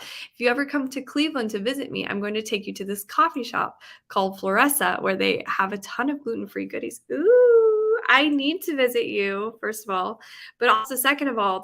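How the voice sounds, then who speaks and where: Young female streamer, bubbly and giggly, bright voice, casual chat with viewers. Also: fairly high pitch, gravelly. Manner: bubbly and chatty, laughs often. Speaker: livestream host reading with viewers. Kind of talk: casual chat reading chat messages aloud. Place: home, with rain sounds.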